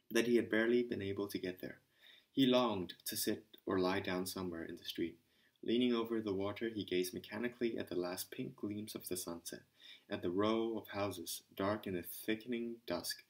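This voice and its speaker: Low-voiced man reading an audiobook. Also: poor audio. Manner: steady reading with occasional stumbles and self-corrections. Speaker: audiobook reader. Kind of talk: amateur audiobook narration.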